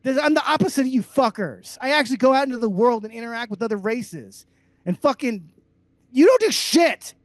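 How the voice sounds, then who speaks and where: A man co-hosting a comedy podcast, ranting loudly and sarcastically with heavy profanity. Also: extremely high pitch, fast talker, no room sound. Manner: loud, abrasive, sarcastic. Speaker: podcast co-host.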